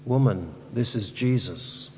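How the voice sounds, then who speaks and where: A man's voice: on the low side, slow pace, a little hiss or hum, pitched below the performer's own voice. A man playing a prankish workman who calls down from a scaffolding in mock-solemn tones, recorded with a long church reverb.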